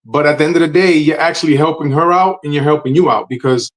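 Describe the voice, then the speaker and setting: Guy on a podcast going off, kinda high voice, repeats himself to drive it home. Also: fairly even intonation, fast talker, poor audio. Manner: emphatic, lecturing, repeats phrases. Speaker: podcast co-host. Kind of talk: casual podcast chat.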